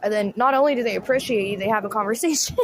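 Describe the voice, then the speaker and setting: A woman's voice: medium pitch, very fast, slight background noise. Giggly chatty woman commentator. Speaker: commentary YouTuber. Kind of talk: casual reaction commentary.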